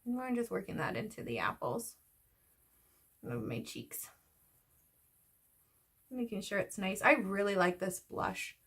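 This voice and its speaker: A woman's voice: medium pitch, big pitch swings, unhurried, long pauses, fairly bright tone, slightly rough. A woman chatting casually as she does her makeup, rambling and a little out of breath. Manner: chatty, rambling, talks while doing makeup. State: slightly out of breath. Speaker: beauty vlogger. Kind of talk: casual get-ready-with-me chat.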